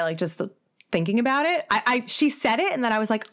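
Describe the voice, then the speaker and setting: A woman's voice: on the high side, animated, moderate pace, a bit bright. A woman in her thirties from New Jersey, co-hosting a podcast in casual chat, laughing often and acting out what others said. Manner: chatty, laughs often, acts out quotes. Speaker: podcast co-host.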